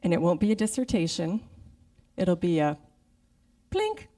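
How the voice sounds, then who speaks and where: A middle-aged woman preaches in a relaxed, conversational way, acting out her own thoughts as she speaks. Her voice is mellow and warm. She is picked up from a distance by the mic in a church sanctuary. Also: fairly low pitch, normal speed. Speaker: guest speaker. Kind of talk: sermon.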